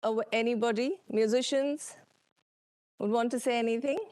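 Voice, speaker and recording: A woman with an Indian English accent presenting a lecture with slides, unhurried, with many ums and uhs and questions to the audience. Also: fairly high pitch, fairly even intonation, a little mellow, clean tone, no room sound. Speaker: workshop speaker. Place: conference hall.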